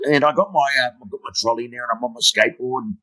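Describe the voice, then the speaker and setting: A man's voice: mid-range voice, rapid-fire, sharp tone, low-quality recording. A middle-aged man, a motivational speaker, telling blunt, humorous stories in an interview and swearing freely. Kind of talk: storytelling interview.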